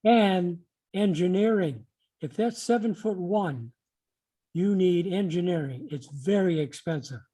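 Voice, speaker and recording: Blunt man with a dark voice. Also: high voice, measured pace. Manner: blunt, insistent. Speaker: committee member. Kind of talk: municipal committee meeting discussion.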